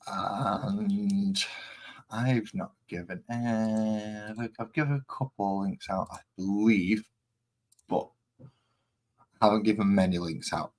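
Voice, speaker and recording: A man speaks slowly in a fairly low, slightly mellow voice with a West Midlands accent. He chats and rambles with self-mockery on a live stream while he sets up and paints.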